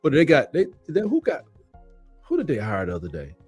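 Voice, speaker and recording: Sports co-host, male, lively swinging delivery, loose and jokey, dry close mic over faint music. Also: mid-range voice, a little fast, breathy edge, no echo. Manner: animated storyteller, laughs often, repeats catchphrases. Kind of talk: casual sports chat.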